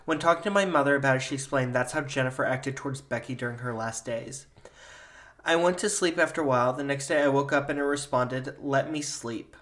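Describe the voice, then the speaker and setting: A man's voice: mid-range voice, fast talker. Man reading a spooky story aloud. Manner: steady storytelling narration. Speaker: podcast host.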